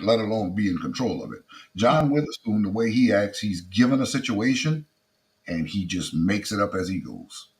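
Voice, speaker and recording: A middle-aged comedian from South Louisiana with a South Louisiana Creole accent, chatting in a casual interview and trailing off quietly at the ends of his lines. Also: on the low side, rough recording. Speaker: comedian guest.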